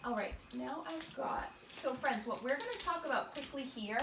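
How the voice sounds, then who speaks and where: A woman teaching young children, her voice fairly high and upbeat as she encourages them and calls them friends. She sounds set back from the microphone in an echoey room. A steady background noise runs under her voice. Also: moderate pace, gravelly, few pauses. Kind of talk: teaching a small-group lesson. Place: indoor room with children nearby. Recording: roomy, distant, noisy.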